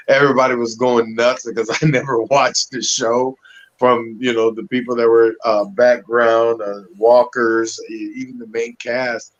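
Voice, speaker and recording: A man in a casual interview, telling stories with animated energy. He acts out the people he quotes. His mid-range voice comes through a webcam on a video call, and the audio sounds muffled and lo-fi. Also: mid-range voice. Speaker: actor guest. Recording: dull lo-fi audio.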